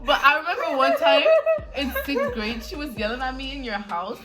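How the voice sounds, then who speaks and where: Lively high-voiced young woman, swearing. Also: normal speed, music in the background. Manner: profane, lively, laughing retellings. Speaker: childhood best friend. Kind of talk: casual storytelling chat.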